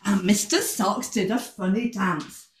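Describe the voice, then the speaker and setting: A woman reading a storybook aloud to children in an animated, sing-song way, with gasps and sound effects. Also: medium pitch, unhurried, roomy sound, recorded from a distance, background noise.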